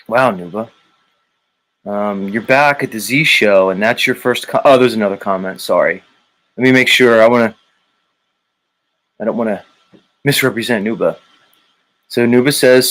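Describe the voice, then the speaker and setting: In a mid-range, animated, slightly bright voice, a man hosts a livestream, welcoming viewers and reading their comments. He's casual and teasing, drawing out his words in a laid-back way, on a low-quality recording.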